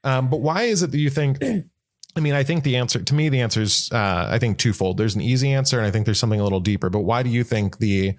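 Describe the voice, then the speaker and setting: A man's voice: mid-range voice, fast. A man co-hosting a podcast, talking in a casual, rambling, jokey way. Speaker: podcast co-host. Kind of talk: casual conversational discussion.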